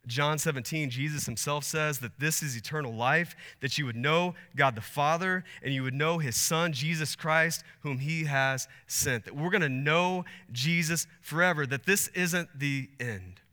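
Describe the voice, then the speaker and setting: A man's voice: fairly high pitch, moderate pace, hardly any pauses, sharp tone. A man in his thirties preaching a sermon as pastor, earnest and building to emphatic peaks. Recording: long hall reverb.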